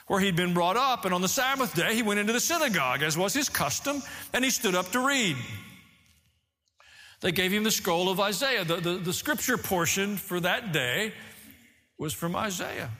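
A man preaching a sermon as pastor, animated, rising and falling as he teaches. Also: high voice, moderate pace, big-room sound.

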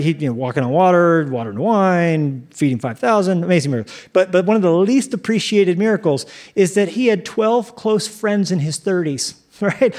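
A man delivering a sermon with a notably high-pitched voice. He jokes and acts out little inner voices, speeding up and slowing down for effect. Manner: animated, joking, acts out quoted inner voices. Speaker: pastor.

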